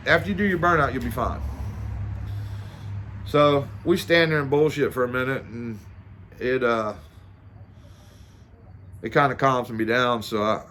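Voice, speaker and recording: A man's voice: medium pitch, fairly bright tone. Middle-aged guy rambling through a story, lots of ums and restarts, bit of hiss behind him. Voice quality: plain-spoken and informal, swears casually. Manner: rambling, self-deprecating, lots of fillers and restarts. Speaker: amateur drag racer. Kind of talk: casual storytelling to camera.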